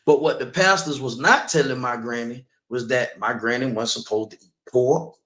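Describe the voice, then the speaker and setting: A man's voice: mid-range voice, moderate pace, fairly bright tone, roomy sound. A man preaching in the street, telling a personal story with emphasis and asking listeners again and again whether they understand.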